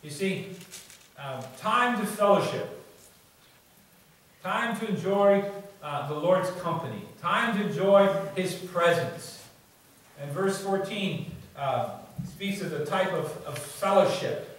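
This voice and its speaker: A man's voice: high-pitched, lively intonation, takes it slowly, fairly bright tone. A male pastor preaching a sermon in a conversational way, often adding "you see" and "okay?", recorded in a church. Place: church sanctuary. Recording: very echoey church, distant mic, faint noise.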